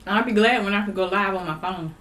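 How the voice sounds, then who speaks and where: A woman's voice: medium pitch, fast talker, a bit bright. A woman vlogger chatting casually to her viewers while she eats and hums between bites, recorded on a laptop microphone at home. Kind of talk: casual eating vlog chat. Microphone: laptop built-in mic. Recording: roomy laptop recording with faint background noise.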